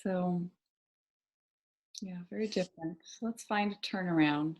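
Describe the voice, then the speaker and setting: A woman facilitating a self-inquiry session, asking guiding questions calmly and murmuring as she listens. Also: fairly low pitch. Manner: calm and unhurried, with frequent soft "mm" listening sounds.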